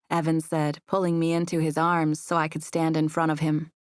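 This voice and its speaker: A woman reads a first-person audiobook in an even, gentle way. Her voice is on the low side, and the booth sound is dry and close. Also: moderate pace, hardly any pauses, no echo. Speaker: audiobook narrator. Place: recording booth.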